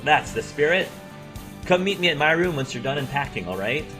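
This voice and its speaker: A brash, boastful young rocker guy, read by a man in his own voice, swinging his pitch around with swagger. Faint music plays behind. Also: lively intonation, brisk, close to an everyday voice. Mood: cocky. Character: cocky young male rocker.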